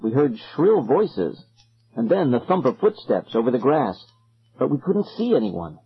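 A man narrating a story in an expressive, suspenseful way, on a dull lo-fi recording. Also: medium pitch, a little slow, breathy edge. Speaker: audiobook narrator.

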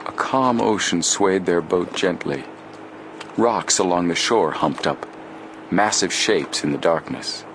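A man narrating an adventure audiobook in a steady, measured storytelling voice. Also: deep voice, noisy background. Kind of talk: scripted narration.

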